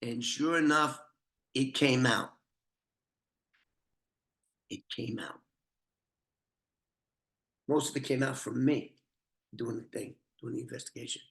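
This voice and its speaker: A man's voice: mid-range voice, steady tone, takes it slowly, vocal fry, long pauses, a bit bright. Profane older man telling true crime. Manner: profane, rambling, conversational. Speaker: former FBI informant telling true crime. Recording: roomy echoey room.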